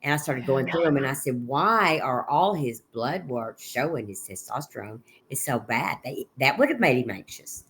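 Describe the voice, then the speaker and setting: Middle-aged mom talking through what happened to her son, lots of stops and restarts, bit of low noise behind her. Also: expressive, fairly bright tone. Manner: halting, with frequent restarts and quoted dialogue. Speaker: guest, bereaved mother. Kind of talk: personal account in an interview.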